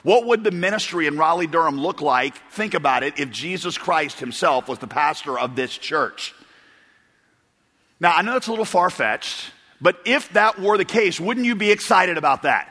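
This pastor's sermon drifts through humorous stories, broken up by chuckles and restarts. He speaks at a moderate pace in a fairly high, lively voice that's bright, pushed, and a little breathy, echoing with the long reverb of a big church auditorium.

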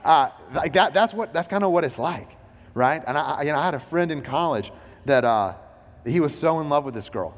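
A man's voice: fairly high pitch, expressive, a little fast, big-room sound. A man preaching a sermon as a pastor. He talks in a loose, conversational way, full of "like" and "you know".

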